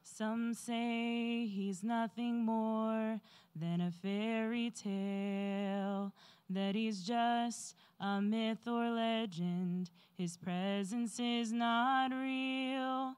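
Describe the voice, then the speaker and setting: A woman singing a slow gospel solo in church, soaring on the refrain. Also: fairly high pitch, fairly even intonation, a little mellow, smooth, soft background music. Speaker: church soloist. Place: church sanctuary.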